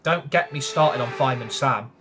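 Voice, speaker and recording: A man's voice: mid-range voice, normal speed, noisy background. A young British man streaming a racing game, chatting casually, grumbling and swearing when frustrated. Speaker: gaming streamer. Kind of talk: live gameplay commentary.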